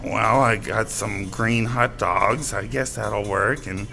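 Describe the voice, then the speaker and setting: A man doing a gravelly preacher-chef. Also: lowish voice, steady tone, slow, voice pushed down, low-quality recording. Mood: gleeful. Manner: rambling, stumbling cooking-show patter.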